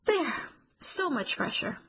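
A woman voicing a loud, fussy older female office busybody with shrill, brassy exclamations. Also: big pitch swings, takes it slowly, full character voice, poor audio. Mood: prim.

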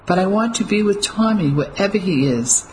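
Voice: medium pitch, lively intonation, moderate pace, a little hiss or hum, voice pushed up, natural voice, poor audio. A storyteller voicing a distraught, bleak man in an audiobook. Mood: anguished. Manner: anguished, bleak.

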